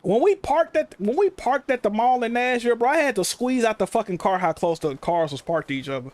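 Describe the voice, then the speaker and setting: This is a man with a high voice for a man, talking on a casual game livestream. He tells animated stories, swearing freely and peppering them with slang. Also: a little fast, no echo. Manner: profane, animated storytelling, heavy slang. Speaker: game streamer.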